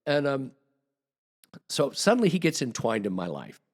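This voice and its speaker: A man's voice: mid-range voice, wildly swooping pitch, normal speed. A man guest on a podcast, telling a long, rambling story with restarts and acted-out quotes. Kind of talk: casual storytelling.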